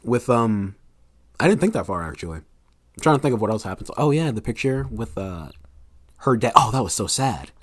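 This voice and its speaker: A man's voice: medium pitch, normal speed, no room sound, clean studio sound. A young man, an author guest on a podcast, chatting casually and acting out scenes from his own book. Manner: animated storyteller, acts out scenes with quoted voices.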